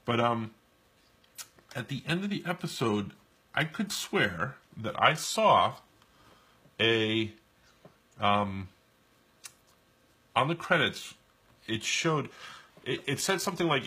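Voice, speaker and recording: Taking it slowly and pausing often, a New York man co-hosting a live stream chats while drawing, his stories rambling with many restarts. His medium-pitched voice swings widely in pitch and sounds pushed, bright, and husky.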